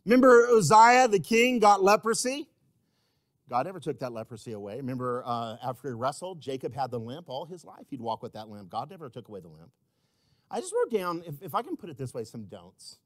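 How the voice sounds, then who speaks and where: A man preaching a sermon as pastor, swinging between loud emphatic repetition and quiet, intimate asides. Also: medium pitch, very animated, fast, dry recording, studio quality. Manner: repeats key words for emphasis.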